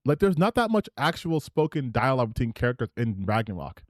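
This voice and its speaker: Brisk and mid-range, this live stream host reacts to clips animatedly, his commentary wandering and repeatedly restarting.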